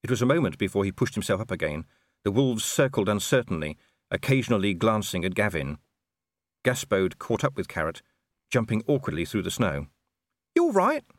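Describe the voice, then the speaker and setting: A man reading an audiobook aloud in scripted narration, measured and expressive. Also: on the low side, no echo, clean studio sound.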